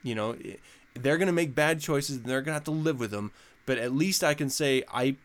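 A man's voice: medium pitch, brisk. A man hosting a podcast in casual chat, ranting profanely and laughing often. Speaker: podcast host.

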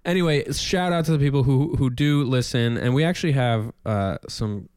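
A man co-hosting a casual podcast, chatty and self-deprecating. His voice sits at a medium pitch. He tells stories about himself with a loose, conversational ease. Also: normal speed, a little mellow, clear, resonant tone. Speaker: podcast co-host. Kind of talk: casual chat.

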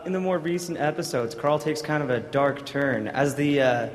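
A man's voice: fairly high pitch, moderate pace. A man, a fan at a convention, asking a question with a nervous laugh. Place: large convention hall. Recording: echoey hall.

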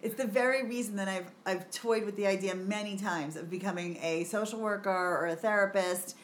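Animated, swearing middle-aged woman host. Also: mid-range voice, fairly quick, slight background noise. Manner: animated storyteller, swears freely, laughs often. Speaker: podcast co-host. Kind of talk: casual chat.

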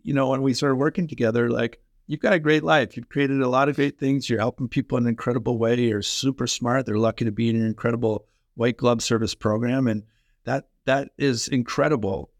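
Here a forties-aged ex-hockey player and coach recounts personal anecdotes in an animated, energetic conversation, peppering his speech with "like." His mid-range voice moves a little fast, and there is no echo.

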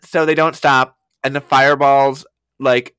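A man co-hosting a podcast, telling stories in casual comedic chat, animated, swearing and acting out quotes. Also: mid-range voice, measured pace, smooth, dry recording. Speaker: podcast co-host.

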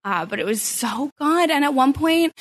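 A young adult woman chatting casually on a podcast, enthusiastic and quick to laugh. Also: high voice, expressive, no echo.

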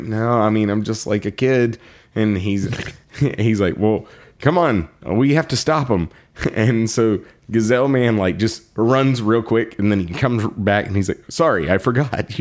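A man co-hosting a podcast, casually retelling a story, laughing often and acting out the characters' lines in quick quoted voices. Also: lowish voice, a little mellow. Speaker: podcast co-host.

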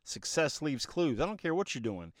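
Man, podcast host, preachy motivational monologue, slightly high voice, dry close phone sound in a car, throat a bit choked. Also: sing-song, normal speed, no echo. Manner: preachy, emphatic, asks himself rhetorical questions. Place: in his car.

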